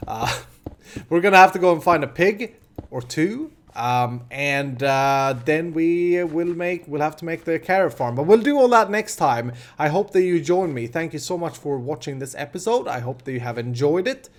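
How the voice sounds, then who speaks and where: A man's voice: a little high, lively intonation, moderate pace. A man in his thirties with a Swedish accent, hosting a casual gameplay commentary and chatting in a rambling way with many restarts. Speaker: host.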